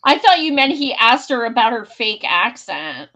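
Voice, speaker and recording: A woman's voice: a little high, very animated, moderate pace, sharp tone, rough recording. A woman hosting a podcast, talking politics in a blunt, heated, profane way. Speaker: podcast host. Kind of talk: casual political chat.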